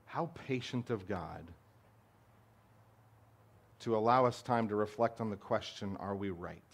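A man's voice: lowish voice, unhurried. A man preaching a sermon as a pastor, earnest and emphatic, posing rhetorical questions to his congregation.

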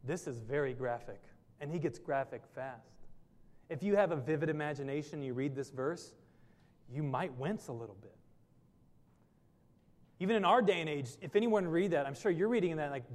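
A man's voice: a little high, normal speed, long pauses, darkish tone, in a large hall. A man preaching a sermon as a pastor, earnest and full of rhetorical questions.

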